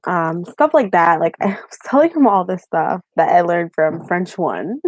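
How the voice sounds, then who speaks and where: A woman's voice: fairly low pitch, expressive, measured pace, a little mellow, no room sound. A young woman from Haiti, a YouTube vlogger, telling a story in casual live-stream chat with fillers and laughs.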